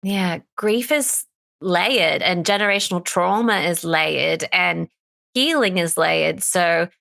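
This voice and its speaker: Gravelly, bright-toned woman guest. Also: lowish voice, takes it slowly, dry recording. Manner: earnest, open about grief, laughs through tears. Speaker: somatic therapist and coach, guest. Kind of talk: candid interview conversation.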